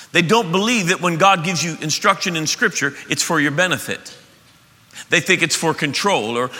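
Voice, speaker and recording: A man preaching a sermon as pastor, emphatic and animated, often restarting his sentences. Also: on the high side. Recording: echoey hall.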